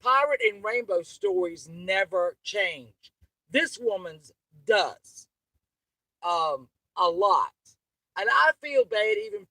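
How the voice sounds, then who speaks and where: A woman's voice: mid-range voice, vocal fry, sharp tone, no echo, poor audio. A woman, hosting her channel with an angry, profane, rambling livestream rant. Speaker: channel host.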